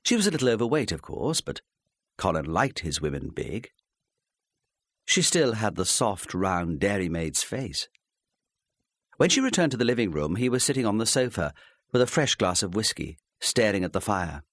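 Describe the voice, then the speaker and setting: A man narrating an audiobook in a measured, expressive storytelling manner on a close studio mic. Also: lowish voice, no room sound.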